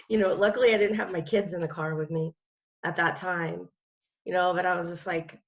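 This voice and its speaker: Woman guest, low flat voice, rambling testimony full of fillers, dull lo-fi sound. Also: normal speed. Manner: rambling, many fillers and restarts. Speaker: interview guest. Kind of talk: personal testimony in conversation.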